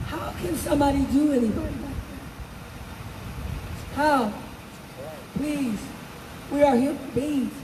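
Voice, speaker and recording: An older woman with a high voice delivers a fervent street rally speech, hammering her points home by repeating them. She is picked up from a distance, with an echoey open-air sound and heavy traffic noise behind her. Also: measured pace, long pauses. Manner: emphatic, repeating phrases for effect. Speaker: speaker at a protest rally.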